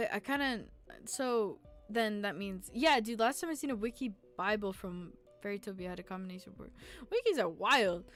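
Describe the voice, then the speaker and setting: A young adult woman streaming a game, chatting casually in an excitable, slangy way and quick to laugh and groan. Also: medium pitch. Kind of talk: casual live-stream gameplay commentary.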